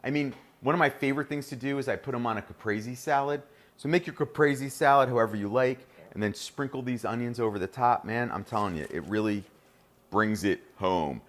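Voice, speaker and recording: A man's voice: mid-range voice, brisk. A middle-aged man with a New Jersey accent, hosting a live cooking demonstration in a kitchen and chatting enthusiastically to viewers. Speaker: chef and host.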